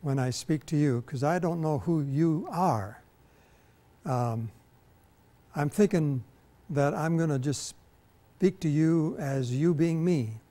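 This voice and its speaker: A man preaching a televised sermon as pastor, rambling slowly with many fillers and restarts. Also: fairly high pitch, warm tone. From Minnesota. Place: TV studio.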